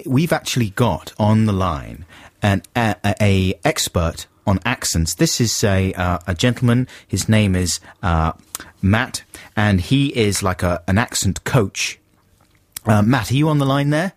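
A man hosting a radio show, chatting casually in an animated way and laughing often. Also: on the low side, measured pace, no echo. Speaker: radio host.

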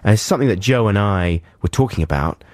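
A man's voice: fairly low pitch, lively intonation, a little mellow, no echo. A man co-hosting a radio show with a cold, rambling and joking through on-air banter in a studio. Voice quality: rambling, self-interrupting, quick to joke. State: has a cold.

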